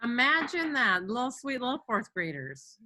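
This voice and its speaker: Young woman, interviewer, bright voice, short reactions, laughs along. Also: on the high side, big pitch swings, moderate pace, dry recording, soft background music. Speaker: interviewer, school leadership student. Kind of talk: casual interview.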